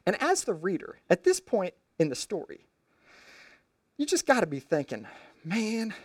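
A man preaching a storytelling sermon in a conversational, animated way with slangy asides. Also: sits high, normal speed, no echo, clean studio sound.

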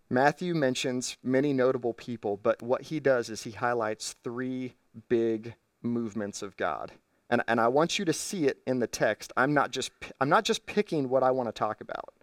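A male pastor delivers an earnest teaching sermon from the stage. His voice sits at an everyday middle pitch. It is picked up from a little way off the mic, with a dry sound. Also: no echo, recorded from a distance. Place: church stage.

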